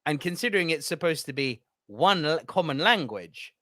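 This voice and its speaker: A British man with a posh English accent, co-hosting a podcast in casual chat, theatrical and quick to mock himself. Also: on the high side, sing-song, pushed and bright, no room sound. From Britain. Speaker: podcast co-host.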